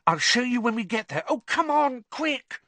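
Man doing a high, eager schoolgirl, bossy, insistent, lively storybook voice. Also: normal speed, no echo, heavily acted. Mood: excited. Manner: urgent, insistent.

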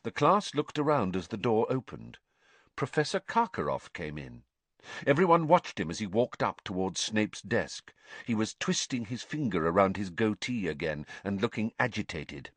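A man reading a novel aloud as an audiobook narrator, measured and expressive. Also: fairly low pitch, dry recording.

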